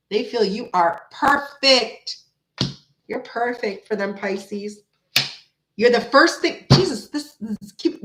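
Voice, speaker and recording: A woman hosts a casual live tarot stream and chats warmly with her viewers in an animated, talkative way. Her voice sits a bit high. The sound carries the echo of a bare room. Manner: chatty, animated, laughs often, talks to her chat.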